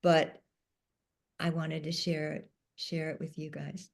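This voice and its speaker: Slow, low-voiced woman telling a story. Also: flat delivery, slight background noise. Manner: slow, soft-spoken, emotional. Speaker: panel speaker. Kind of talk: personal storytelling.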